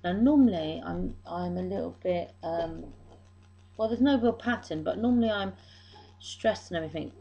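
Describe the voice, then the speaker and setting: Tearful woman with a gravelly voice. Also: fairly low pitch, moderate pace, dull audio. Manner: rambling, apologetic, self-deprecating. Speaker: vlogger. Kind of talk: emotional diary vlog.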